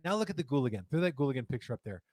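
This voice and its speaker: A man's voice: medium pitch, sing-song, very fast, darkish tone, no room sound. A man hosting a live show, chatting in a casual, joking way and reading viewer comments aloud, indoors in a studio room. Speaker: host of a live cigar show. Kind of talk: casual live-stream chat.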